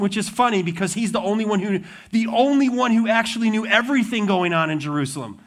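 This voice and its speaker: Pastor, male, high-pitched, lively storyteller who slips into character voices. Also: a little fast. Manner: animated storytelling, acts out voices of the disciples. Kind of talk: sermon.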